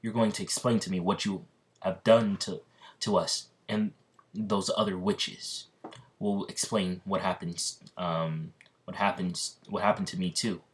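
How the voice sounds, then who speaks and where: A man voicing a hot-headed young male knight who talks in a halting, stumbling way. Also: low voice, fairly even intonation. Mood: determined.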